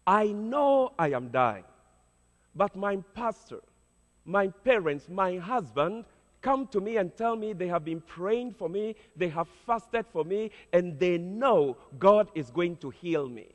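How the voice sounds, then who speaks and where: A man's voice: high-pitched, animated, slow. A man voicing a blunt, serious young woman who is dying, as he quotes her in his sermon. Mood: bitter. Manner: blunt, insistent. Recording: long hall reverb.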